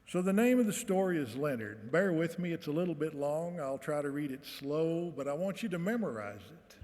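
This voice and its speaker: A man's voice: fairly high pitch, fairly quick. A man, giving a commencement speech in a folksy storytelling way and reading aloud at a podium microphone. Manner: folksy, animated storytelling with voiced quotes. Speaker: commencement speaker. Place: large hall, on stage. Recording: reverberant hall.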